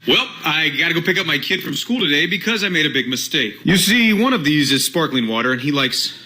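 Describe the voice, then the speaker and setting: A man's voice: fairly high pitch, expressive, a little fast, pushed and bright, poor audio. A man sheepishly explaining a mix-up in a social media video.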